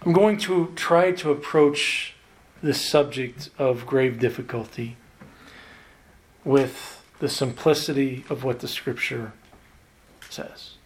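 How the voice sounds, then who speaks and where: With a medium-pitched voice, a man preaches a sermon on a Bible passage, earnest and emphatic. He draws out key words slowly and slips in light self-deprecating humor.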